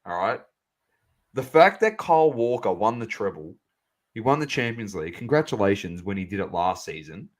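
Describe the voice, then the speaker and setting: A man co-hosting a sports podcast, chatting casually and animatedly, calling out to the audience as ladies and gentlemen. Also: fairly low pitch, moderate pace. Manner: animated, banter-heavy, addresses listeners as ladies and gentlemen. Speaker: podcast co-host.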